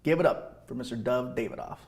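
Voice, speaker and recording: A man doing live stand-up, animated, laughing at his own lines and yelling for effect on a stage mic. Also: mid-range voice, brisk, creaky, big-room sound. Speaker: stand-up comedian and host. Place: comedy stage before a live audience.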